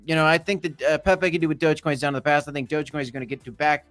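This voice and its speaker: A man's voice: on the high side, level tone, very fast, fairly bright tone, soft background music. A man hosting a crypto livestream, rambling and joking with frequent restarts. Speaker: crypto channel host. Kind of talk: livestream commentary.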